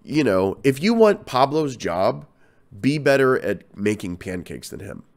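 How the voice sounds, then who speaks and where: A man's voice: medium pitch, unhurried. A man with a cold hosting a podcast, rambling and swearing through casual ranting commentary. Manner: rambling, profane, animated. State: has a cold. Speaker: podcast host and comedian.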